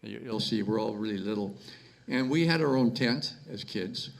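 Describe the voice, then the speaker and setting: A man from Canada speaking at his mother's memorial, halting and repeating words with many fillers. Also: fairly low pitch, gravelly, poor audio. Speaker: son giving a eulogy. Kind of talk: memorial speech.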